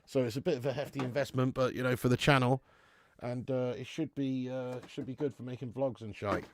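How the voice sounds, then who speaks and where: A man's voice: medium pitch, steady tone, fairly quick, slight background noise. A man doing a live football watch-along, chatty and sweary, reading out viewer messages on a webcam mic.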